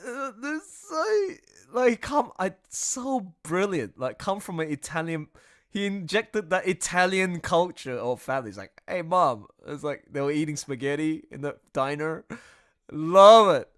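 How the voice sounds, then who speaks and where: A man streaming live and chatting casually, excitable, laughing often and trailing off mid-sentence. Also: fairly high pitch, unhurried. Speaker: streamer and artist. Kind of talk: casual livestream chat.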